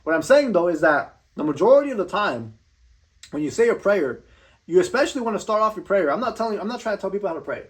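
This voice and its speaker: A man's voice: sits high, sing-song, quick pace. A young man giving a blunt, profane motivational rant, swearing constantly and tripping over repeated words. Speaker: vlogger.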